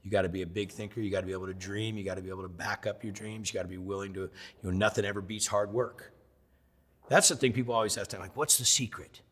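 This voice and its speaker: A man in his fifties from the United States, telling stories in a lively sit-down interview and acting out the quotes. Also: fairly low pitch, fast talker, in a large hall. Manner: animated storyteller who acts out quotes. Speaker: interview guest, chef.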